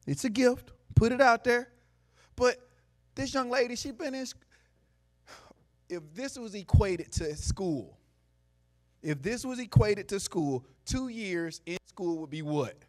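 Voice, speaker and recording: A man giving a motivational talk to a live audience in a room, preachy, asking the crowd questions, going from quiet to loud. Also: sits high, expressive, measured pace, long pauses. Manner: preachy, call-and-response, swings from soft to loud. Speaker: motivational speaker.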